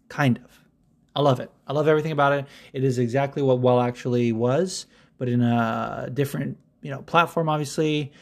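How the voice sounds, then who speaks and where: A man hosting his own podcast in a loose, rambling way. He swears freely and gets excited, and his voice sits at an ordinary middle pitch. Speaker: podcast host. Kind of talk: casual solo podcast chat.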